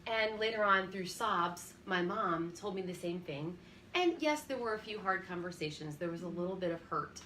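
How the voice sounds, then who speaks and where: Bright-voiced woman in her forties. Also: lowish voice, animated, normal speed, slight background noise. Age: 40s. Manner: earnest, storytelling, laughs easily. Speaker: co-host. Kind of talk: faith-based parenting chat.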